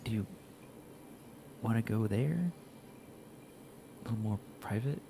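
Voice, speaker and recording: A man voicing his tabletop character, a smooth-talking young man quietly luring a woman somewhere private. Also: fairly low pitch, animated, unhurried, noisy background. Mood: coaxing. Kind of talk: in-character tabletop role-play.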